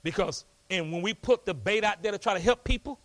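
A man preaching a lively sermon in a church, folksy and rousing, calling out to the congregation. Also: sits high, a little fast. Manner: folksy, rousing, call-and-response. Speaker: pastor. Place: church hall.

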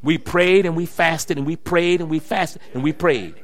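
A middle-aged man, a pastor preaching a sermon, telling stories and building to shouted exhortation. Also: on the high side, normal speed. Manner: storytelling, rising to shouted preaching.

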